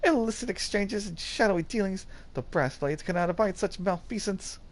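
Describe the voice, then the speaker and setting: A man voicing an earnest young male guard in a game reading, talking high and formal. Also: expressive, moderate pace. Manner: high, eager, formal speech.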